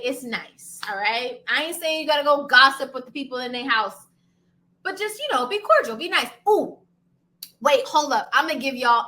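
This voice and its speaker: High, bright-voiced woman telling stories. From Brooklyn, New York. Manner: animated, slangy, addresses viewers as y'all. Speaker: homebuying educator and channel host. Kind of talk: casual storytelling to camera.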